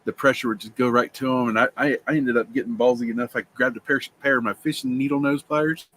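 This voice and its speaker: A man's voice: medium pitch, steady tone, fast, a bit bright. A man chatting casually, telling a story in a plain-spoken, laid-back way. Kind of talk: casual chat.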